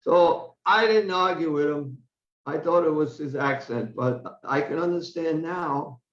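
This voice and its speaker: Older guy with a high voice giving a temple scripture class, chatty, repeats himself, echoey dull recording. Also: a little slow. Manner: conversational, repeats words while thinking. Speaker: class speaker. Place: temple hall.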